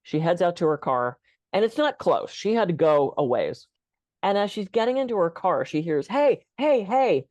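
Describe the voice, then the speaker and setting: Woman guest telling a story, voice swoops all over, kinda low, dry close mic. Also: moderate pace, no echo, dull audio. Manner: animated, expressive storyteller. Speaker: podcast guest. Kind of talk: conversational storytelling.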